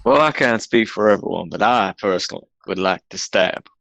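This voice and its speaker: A man with a low, gravelly voice plays a tabletop game with friends. He delivers his lines bluntly and in a deadpan way. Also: brisk, no room sound. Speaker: player.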